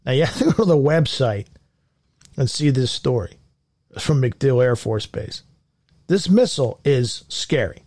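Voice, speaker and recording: A man's voice: mid-range voice, animated, a little slow, long pauses, a little mellow, dry recording, clean studio sound. A man hosting a show, reading news stories and riffing on them sarcastically, laughing often at his own jokes. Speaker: radio show host. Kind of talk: comedic news commentary.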